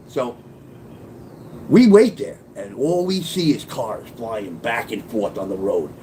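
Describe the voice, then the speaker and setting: A man's voice: medium pitch, expressive, a little slow, dark tone, a little hiss or hum. A man telling a personal story in a casual, profane, punchy street-talk way. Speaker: storyteller and author.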